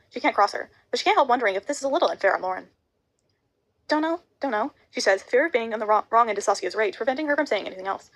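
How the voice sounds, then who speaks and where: Fast-reading woman stumbling over words. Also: mid-range voice, poor audio. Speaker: audiobook reader. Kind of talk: reading a novel aloud.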